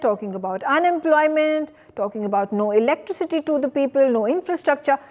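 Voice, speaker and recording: Woman hosting a news panel, high voice, quick long-winded questions. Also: in a large hall. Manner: brisk, framing long questions. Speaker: news anchor.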